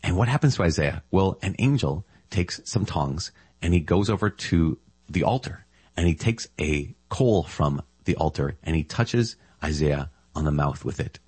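A man's voice: low voice, expressive, moderate pace, darkish tone, breathy edge, no echo. A man giving a casual, enthusiastic reflection on scripture as a Catholic preacher, often marvelling aloud.

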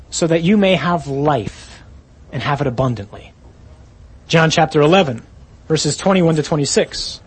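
A man preaching a sermon, reading scripture with emphatic rises on quoted lines and low, quiet drops at key points. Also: breathy edge.

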